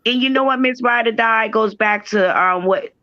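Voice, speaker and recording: A man's voice: high-pitched, normal speed, bright, forceful tone, dry recording. Earnest man on dull lo-fi call. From New Jersey. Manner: earnest, spiritual, wandering phrasing. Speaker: live-stream guest. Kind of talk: casual live-stream chat.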